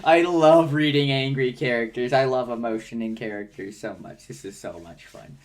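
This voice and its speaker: Co-host reacting to a comic, laughs a lot, swears, animated. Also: medium pitch, moderate pace. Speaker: co-host reading a webcomic aloud. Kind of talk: casual read-along chat.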